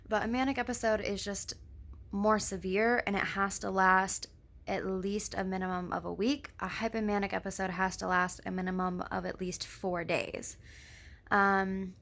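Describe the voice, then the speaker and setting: Bright, gravelly young woman with a lisp. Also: mid-range voice. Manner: rambling, scattered, swears freely. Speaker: vlogger. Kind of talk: casual personal vlog.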